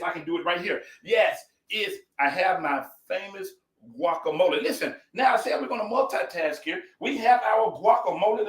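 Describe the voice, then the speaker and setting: A man's voice: sits high, a bit bright, reverberant, rough recording. A man hosting a casual live cooking stream, folksy and effusive, greeting his viewers by name.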